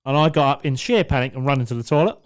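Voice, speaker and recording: A man's voice: mid-range voice, lively intonation, racing. A young man on a podcast, telling a story in casual chat, swearing freely and acting out what people said. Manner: swearing, storytelling, acts out quotes. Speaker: podcast co-host.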